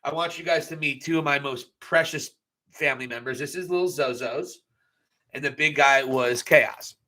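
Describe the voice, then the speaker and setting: A man's voice: mid-range voice, normal speed, sharp tone. A young adult man giving a casual live recap of a wrestling show, blunt and profane with joking asides.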